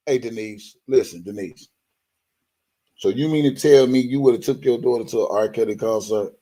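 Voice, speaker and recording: A man's voice: medium pitch, normal speed, dark tone. A man hosting a live stream, talking bluntly to his viewers and swearing heavily. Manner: addresses viewers directly. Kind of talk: profane live-stream rant.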